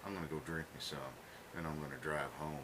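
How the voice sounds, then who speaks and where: A man's voice: very deep voice, level tone, quick pace, crowd noise. A man co-hosting a casual chat, jokey and profane, often laughing. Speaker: co-host. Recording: hissy room recording.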